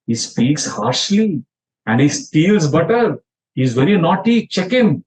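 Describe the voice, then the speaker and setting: A man's voice: fairly high pitch, very animated, unhurried, darkish tone. A man voicing a village milkmaid woman who pleads with a mother about her mischievous child, in an exasperated storytelling tone. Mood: complaining. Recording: dull lo-fi sound.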